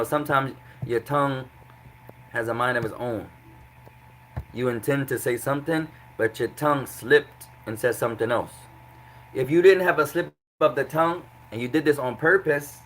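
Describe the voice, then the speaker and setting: A man's voice: medium pitch, fairly bright tone, a little hiss or hum, rough recording. A man teaching an Arabic grammar lesson to a class, explaining patiently and repeating examples.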